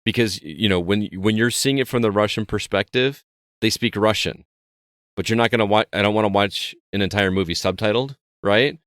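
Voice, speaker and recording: Deep-voiced man chatting in a dry room. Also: brisk, fairly bright tone, no echo. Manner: rambling, storytelling, frequent restarts. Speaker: podcast co-host. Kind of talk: casual chat.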